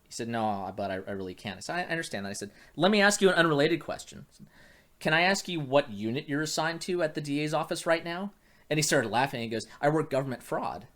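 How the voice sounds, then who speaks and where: Animated man telling a story. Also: on the high side, fast talker. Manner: animated, acts out quoted dialogue with many restarts. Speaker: private investigator. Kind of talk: casual storytelling chat.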